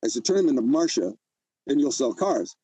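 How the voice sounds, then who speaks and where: Older guy, husky mellow voice, dry sound, keeps restarting, worked up. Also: medium pitch, big pitch swings, a little fast, no echo, poor audio. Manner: agitated, repeats himself, restarts often. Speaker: interview guest. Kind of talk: emotional personal story.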